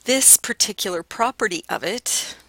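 A woman's voice: medium pitch, lively intonation, normal speed, pushed and bright, no echo. Casual woman lecturing on linguistics. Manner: casual, explanatory, with fillers. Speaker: linguistics instructor. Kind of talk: recorded lecture.

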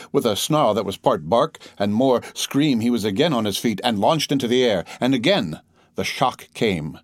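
A man reading an audiobook in measured, dramatic storytelling. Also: medium pitch, dry recording, studio quality. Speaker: audiobook narrator. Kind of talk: scripted audiobook narration.

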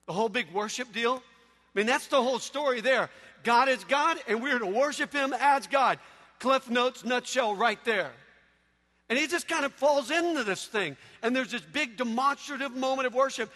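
High, bright-voiced animated preacher man. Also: moderate pace. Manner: animated storytelling, loud outbursts. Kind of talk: sermon. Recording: echoey hall.

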